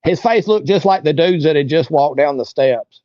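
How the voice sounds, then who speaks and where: A man's voice: a little high, lively intonation, normal speed, warm tone, dry recording, lo-fi sound. A man, an interview guest telling a long story in a rambling, folksy way. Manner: rambling, folksy, lots of "you know" and "like". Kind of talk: casual storytelling.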